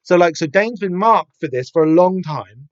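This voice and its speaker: A man with a slightly high voice rambles casually through a comic on his podcast, full of ums and restarts. The sound is dull and lo-fi, and very dry. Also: animated, moderate pace, no room sound. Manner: rambling, many fillers and restarts. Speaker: podcast host.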